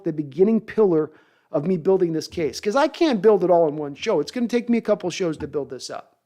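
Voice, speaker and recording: Man, sports podcast host, high-pitched voice, rousing preacher-style delivery. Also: animated, brisk, warm tone. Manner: rousing, preacher-like pep talk. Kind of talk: sports commentary monologue.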